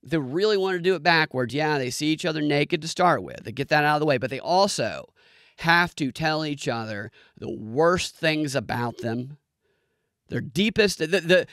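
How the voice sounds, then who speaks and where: Profane, animated man in a dry room. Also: moderate pace, dry recording. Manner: profane, animated, mimics people in squeaky voices. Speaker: show reviewer. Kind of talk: comedic ranting review.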